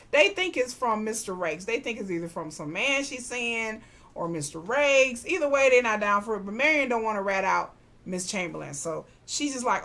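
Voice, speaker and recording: A woman recaps a TV drama in a loose, chatty way. Her voice sits at a middling pitch, and she jumps into the characters' lines with slang asides. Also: big pitch swings, fairly quick, fairly bright tone. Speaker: podcast host recapping a TV drama. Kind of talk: casual recap chat.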